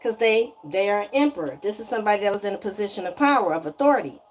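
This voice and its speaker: A woman's voice: mid-range voice, expressive, racing, soft background music. A woman giving a spiritual energy reading straight to the viewer in a sassy, chatty way, often asking "okay?". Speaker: tarot energy reader.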